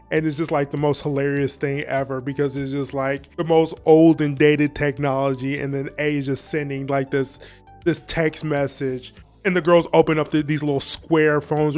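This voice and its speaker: A man's voice: fairly high pitch, darkish tone. A man hosting a casual commentary recap, rambling and profane and often laughing. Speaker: video essay host.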